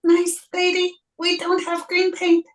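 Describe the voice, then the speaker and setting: A polite alien spaceman, speaking in a very high, dead-flat robotic monotone. The voice comes from a little way off the mic. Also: a little slow, distant mic. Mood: stiff, pleading. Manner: stiff, monotone and formal.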